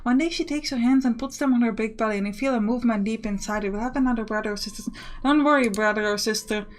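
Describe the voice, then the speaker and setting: A woman's voice: fairly high pitch, fairly even intonation, very fast, a little mellow. A woman hosting a let's play, reading the game text aloud and joking about her choices. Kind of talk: casual gameplay commentary.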